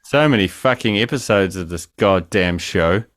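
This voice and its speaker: A man's voice: sits low, expressive, moderate pace, a bit bright, no room sound. A man co-hosting a podcast over a remote call, ranting crudely and joking in casual banter. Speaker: podcast co-host.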